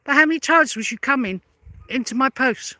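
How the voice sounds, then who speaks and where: A woman rants straight at her detractors in a vlog, sarcastic and combative, hammering the same questions again and again. Her voice is sharp and tense, and the recording is dry and close with no room sound. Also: high voice, lively intonation, brisk, no echo. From London. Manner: confrontational, sarcastic, repeats pointed questions. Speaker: vlogger. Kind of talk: angry rebuttal rant to camera.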